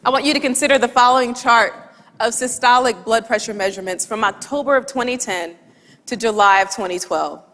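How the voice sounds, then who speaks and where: A woman with a fairly high voice tells a funny story in front of an audience, bringing each line of dialogue to life. Her voice carries a long reverb, as in a large hall. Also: fairly quick. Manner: lively, humorous storytelling with quoted dialogue. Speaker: speaker. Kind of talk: storytelling talk.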